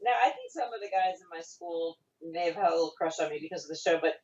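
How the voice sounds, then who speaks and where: Fast-talking woman on a video call. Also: on the low side, darkish tone. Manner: fast-talking, laughs often. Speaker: interview guest, former child actor. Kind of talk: casual remote interview. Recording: roomy, distant, dull video-call audio.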